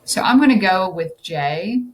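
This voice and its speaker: A woman's voice: medium pitch, lively intonation, a little slow. A woman tutoring test prep, thinking aloud as she explains answers and checking in with "okay?".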